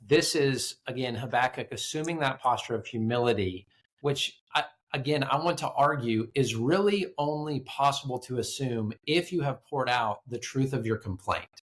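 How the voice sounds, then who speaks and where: An earnest man co-hosts a casual Bible study discussion. His pitch is ordinary, and he speaks reflectively, sometimes stammering and restarting. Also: normal speed. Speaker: podcast co-host.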